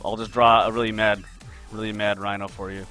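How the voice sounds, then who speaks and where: A man's voice: lowish voice, little pitch movement, a little fast, sharp tone, faint music behind. A man hosting a casual live stream as a game artist, upbeat and chatty, greeting viewers by name while he draws.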